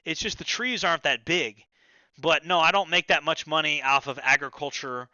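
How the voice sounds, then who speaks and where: Bright, crisp-voiced man rambling on a stream. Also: on the high side, moderate pace, no room sound, muffled recording. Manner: loose and profane, full of stammered restarts. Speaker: livestream host. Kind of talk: casual rambling livestream chat.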